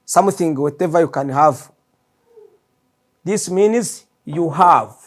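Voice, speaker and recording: Slow Rwandan-accented male language teacher. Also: fairly high pitch. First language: Kinyarwanda. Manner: repeats words slowly for learners. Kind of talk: slow classroom language lesson.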